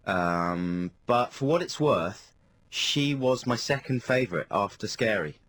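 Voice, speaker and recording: A man's voice: lowish voice, expressive, measured pace, a bit bright, no echo. A man with an English accent, co-hosting a radio show and telling anecdotes in casual banter in a studio.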